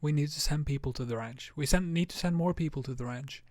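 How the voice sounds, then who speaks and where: A man's voice: on the high side, darkish tone. A young man reading a story aloud and commenting with wry reactions. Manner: wry, quick reactions and laughs.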